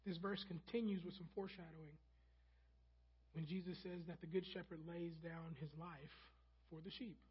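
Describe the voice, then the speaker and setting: A preacher delivering a sermon, emphatic and repetitive for stress, softening when quoting scripture. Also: medium pitch, fairly even intonation, moderate pace, husky, lo-fi sound. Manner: emphatic, repeats key phrases for stress.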